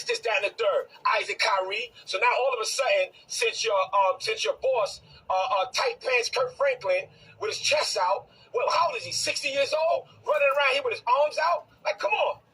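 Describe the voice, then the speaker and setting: A man's voice: very high-pitched, sharp tone, recorded from a distance, slight background noise, poor audio. A man from Brooklyn, a bishop, delivers a confrontational rant and repeats his phrases for emphasis. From Brooklyn, New York. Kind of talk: heated direct-to-camera rant.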